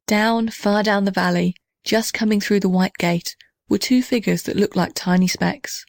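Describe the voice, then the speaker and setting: A woman reading a children's storybook aloud in a gentle, measured way. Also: medium pitch, fairly even intonation, vocal fry, no room sound, studio quality. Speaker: narrator.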